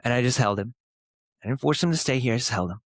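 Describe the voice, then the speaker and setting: A man in his thirties hosting a podcast, speaking earnestly and emphatically in short, punchy phrases with pauses. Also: medium pitch, no echo, studio quality. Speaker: podcast host. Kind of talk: motivational podcast monologue.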